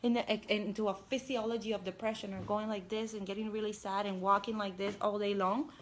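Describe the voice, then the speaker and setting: A young woman life coach giving an energetic, chatty motivational talk on a live stream, speaking straight to her viewers. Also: medium pitch, brisk, slight background noise.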